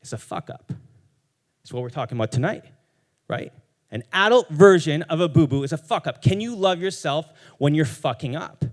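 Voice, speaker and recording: A man's voice: on the high side, lively intonation, moderate pace. A young man giving a profane, emphatic motivational talk on stage, firing rhetorical questions at the audience. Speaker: speaker at a live storytelling event.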